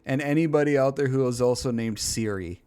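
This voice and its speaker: A man's voice: mid-range voice, fairly quick, mellow, clear, resonant tone. A man casually reacting to a comedy video, rambling and laughing along, with a bit of swearing.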